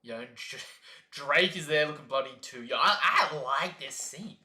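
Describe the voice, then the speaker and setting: Brief: animated male streamer, bright tense tone, slightly high pitch, echoey room, jokes and reads lines in put-on voices. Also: a little slow. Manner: animated, joking, reads panels aloud in exaggerated voices. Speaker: streamer reacting to a comic chapter. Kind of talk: live reaction stream, casual chat.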